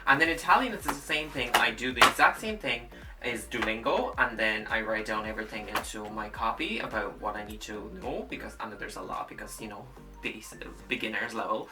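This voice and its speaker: A man's voice: on the low side, fairly quick, far from the mic, over music. A young man in his late teens whose first language is Russian, talking through his studies in a casual vlog, rambling and correcting himself as he goes. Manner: rambling, restarts and repeats himself. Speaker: student vlogger.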